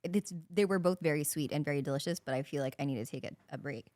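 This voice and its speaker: A woman's voice: low voice, fast talker, a little mellow, no room sound. A woman comedian guesting on a podcast, playful and bubbly, asking lots of questions in casual chat.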